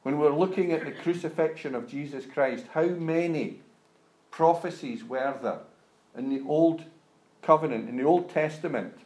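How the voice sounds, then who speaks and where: A man preaching a sermon, speaking deliberately and rising to emphatic peaks as he reads scripture aloud. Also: a little high, darkish tone. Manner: slow, deliberate, emphatic rises when reading scripture. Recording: roomy echo.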